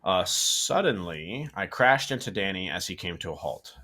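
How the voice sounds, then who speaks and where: A man's voice: low-pitched, expressive, normal speed, bright, forceful tone. A man casually reading a horror story aloud, stumbling, correcting himself and adding asides. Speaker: story reader and co-host.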